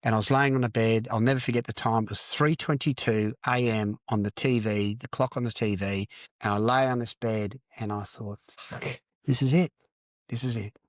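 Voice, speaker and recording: A man's voice: lowish voice, fairly even intonation, a little fast, no echo, clean studio sound. An older Australian man, a podcast guest, telling his story candidly in a blunt, profane way and repeating phrases for emphasis.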